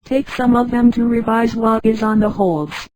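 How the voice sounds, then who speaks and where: A synthetic female voice reading the part of a self-assured male pirate governor in a space storybook, in the same even machine delivery as the narration. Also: very high-pitched, moderate pace, dry recording, poor audio. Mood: commanding.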